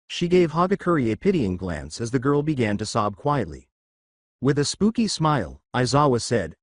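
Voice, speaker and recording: A man narrating fan fiction at a steady pace. His pitch moves a lot, and the recording is dry with no room echo. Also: normal speed. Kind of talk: read-aloud fan story narration.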